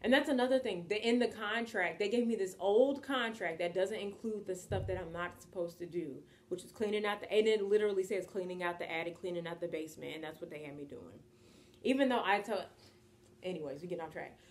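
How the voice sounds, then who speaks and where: An American woman in her twenties telling a story in a casual, animated, slangy vlog style and acting out what people said. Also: lowish voice, a little fast. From United States. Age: 20s. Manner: animated, chatty, slangy, acts out quotes. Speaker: vlogger.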